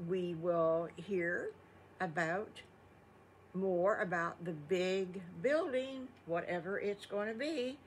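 A woman's voice: fairly low pitch, slight background noise. A grandmotherly older woman spinning a made-up bedtime story, folksy and chatty. She talks straight to the children, slipping in little asides along the way.

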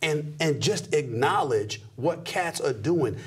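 A husky middle-aged man talks emphatically in an interview. His voice leaps from a low growl to loud high exclamations as he preaches his point, and his everyday pitch sits a bit high. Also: expressive, slow pace. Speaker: sports commentator guest. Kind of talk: animated interview talk.

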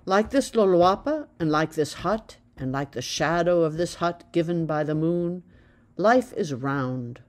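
Brief: woman reading as an old male village elder in a storybook, slow and emphatic, proud and tender. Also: lowish voice, expressive. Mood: earnest.

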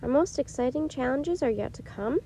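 A thoughtful, careful young boy, as a woman reads his part wonders aloud in a mellow, gentle tone. The voice stays fairly high. Faint background hiss sits under the reading. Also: lively intonation, fast. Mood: wondering.

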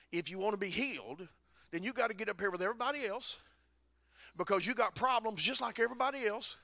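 A man, preaching a sermon as a folksy story with dry humor, rising at times to shouting. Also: high-pitched, dry recording.

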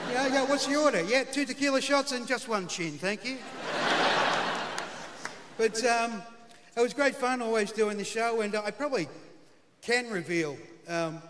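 A middle-aged Australian man telling a comic story on stage in a laconic, punchline-driven way, heard in a large live studio. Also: sits high. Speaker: comedian. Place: large live television stage before an audience. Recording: long hall reverb, faint crowd noise.

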